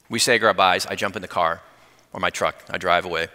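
A man preaching a sermon, animated as he tells a personal story and acts out the dialogue. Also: low voice, fairly quick, in a large hall. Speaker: pastor.

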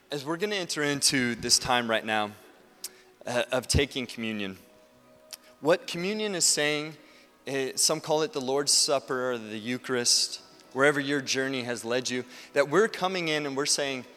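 A man preaching a sermon as pastor in a church, earnest and building to forceful emphasis. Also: mid-range voice, expressive, moderate pace, soft background music. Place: church sanctuary. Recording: long reverb from a large hall.

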